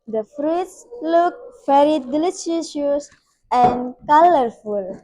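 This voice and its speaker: A young Indonesian-accented woman reads a fairy tale aloud as a school storyteller. Her voice sits high and she takes her time over every phrase, with the odd slip along the way. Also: expressive, warm tone, rough recording. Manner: slow, careful reading with small slips. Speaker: student storyteller.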